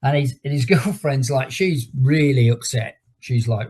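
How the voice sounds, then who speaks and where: A man's voice: medium pitch, measured pace, few pauses, a little mellow. A middle-aged man who teaches fitness leads an online exercise class over a video call. He tells a long rambling story and breaks off to count down each exercise. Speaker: fitness instructor.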